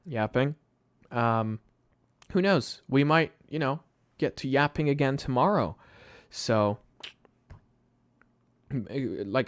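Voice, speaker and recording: A man's voice: medium pitch, no echo. Sleepy guy rambling on his live stream at night, laughs a lot, dry close mic. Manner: rambling, chatty, laughs often, restarts sentences. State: tired late at night. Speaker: YouTube channel host. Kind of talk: casual live-stream chat.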